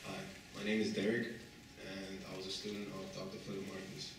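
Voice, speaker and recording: A man's voice: low voice, completely flat delivery, brisk. A young man telling a rambling, slangy story about his old professor at a memorial, laughing often. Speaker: former student speaker. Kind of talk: casual spoken anecdote at a memorial. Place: memorial gathering in a large room. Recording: echoey room, distant mic, noise.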